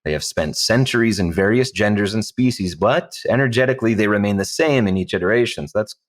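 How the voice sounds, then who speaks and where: A guest audiobook narrator, a man, talks through his process aloud. His voice sits low. He is eager and chatty and walks through each step as he goes. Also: quick pace. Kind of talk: thinking aloud on a roundtable.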